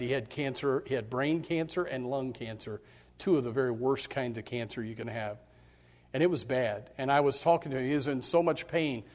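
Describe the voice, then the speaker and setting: A middle-aged man preaching a sermon as pastor, fervent and emphatic, his voice surging loud on key points. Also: medium pitch, long reverb tail.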